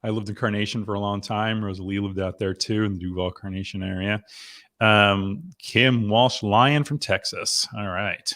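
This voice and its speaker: A man's voice: on the low side, steady tone, normal speed, a bit bright. A middle-aged man from New Jersey hosting a live online members' chat, rambling and chatty with lots of fillers and laughs. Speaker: host.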